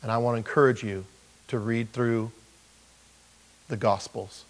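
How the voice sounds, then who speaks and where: A man's voice: mid-range voice, steady tone, measured pace, low-quality recording. A middle-aged male pastor preaching a conversational sermon, full of rhetorical questions and humor.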